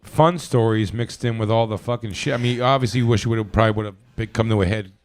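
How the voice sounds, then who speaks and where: A man's voice: lowish voice, fast talker, smooth. A man hosting a podcast, chatting casually in a rambling, profane way with many restarts. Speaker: podcast host. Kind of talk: casual chat.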